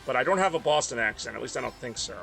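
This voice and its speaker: A man's voice: mid-range voice, lively intonation, racing, gravelly, bright, forceful tone, soft background music. A man from the Northeast US, tired and rambling in casual chat while streaming a racing game. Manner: rambling, self-deprecating, mumbly asides.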